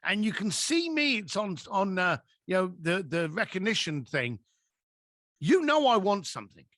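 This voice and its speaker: A man as a podcast guest, giving advice through animated stories and acting out quoted dialogue. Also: high-pitched, moderate pace, dry recording, studio quality. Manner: acts out quoted dialogue with lively voices.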